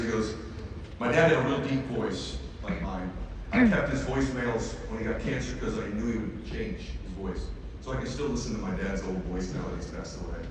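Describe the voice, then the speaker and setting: A man's voice: medium pitch, background noise. A middle-aged man giving an emphatic motivational keynote, repeating lines for weight. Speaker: motivational speaker. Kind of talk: arena keynote speech. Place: large arena. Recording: echoey arena, far from the mic.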